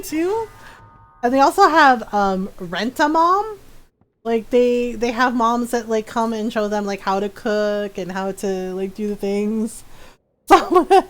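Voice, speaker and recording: A woman streaming a video game, chatting casually, laughing often and acting out characters in playful voices. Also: fairly high pitch. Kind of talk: casual gameplay commentary.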